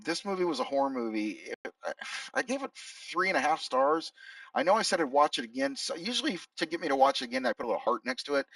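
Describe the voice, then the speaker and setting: A man's voice: medium pitch, vocal fry, a bit bright, dry recording, far from the mic, poor audio. A middle-aged man reviewing films in a rambling casual chat, often correcting himself mid-sentence. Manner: rambling, self-correcting, reading out his own reviews. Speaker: movie reviewer. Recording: dry sound, set back from the mic.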